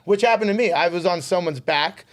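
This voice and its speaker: A man co-hosting a podcast, an excitable storyteller who laughs often and swears casually. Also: sits high, a little fast. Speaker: podcast co-host.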